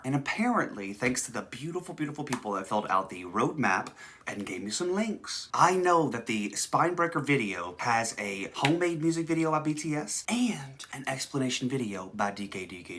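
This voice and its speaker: A man hosts his own video reaction channel in a loose, chatty way. He sounds excitable and laughs a lot between remarks. His voice has a forceful, bright edge. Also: medium pitch. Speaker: music video reaction YouTuber. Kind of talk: casual reaction chat.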